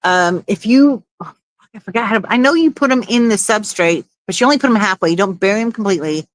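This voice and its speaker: Woman livestream host, loose and chatty, dry close sound, mid-pitched voice. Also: expressive, fast, no echo. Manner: chatty, laughs often, swears casually. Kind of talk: casual livestream chat.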